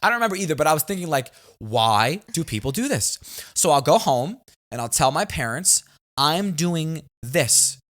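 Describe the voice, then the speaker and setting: Animated man telling stories. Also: a little high, normal speed. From New York area. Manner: animated storytelling, acts out family members. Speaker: comedian and podcast host. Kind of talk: casual chat.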